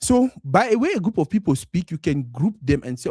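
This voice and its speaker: A man's voice: fairly high pitch, very animated, fairly quick, darkish tone, husky, no room sound, clean studio sound. A man from Cameroon with a Cameroonian Pidgin English accent, hosting a live stream in a casual monologue that slides between Pidgin and English. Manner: mixes Pidgin and English, acts out quoted voices.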